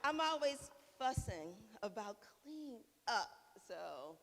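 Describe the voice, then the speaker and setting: A woman's voice: on the high side, big pitch swings, slow pace. A middle-aged woman, an actress on a premiere panel, speaking plainly with frequent laughs. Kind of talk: casual panel talk. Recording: echoey hall with faint hiss.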